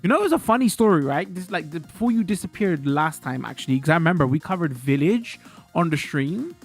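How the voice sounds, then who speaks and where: A man's voice: on the high side, big pitch swings, fast, faint music behind. A man streaming games, chatting and ranting loosely to his viewers with frank swearing. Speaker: game streamer. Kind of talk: casual live-stream chat.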